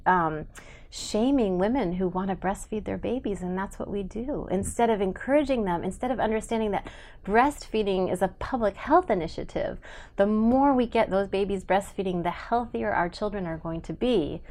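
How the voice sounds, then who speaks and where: A woman's voice: mid-range voice, a little mellow. A middle-aged woman talking earnestly and emphatically as an interview guest, with frequent ums. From United States. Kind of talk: podcast interview.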